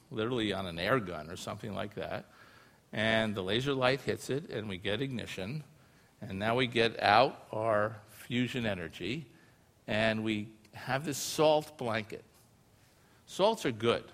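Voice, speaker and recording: A lecturer gives a live public science talk about his research, explaining things casually and conversationally with frequent asides, filler phrases and tag questions. His voice is lowish and a bit bright, with long reverb from a large hall.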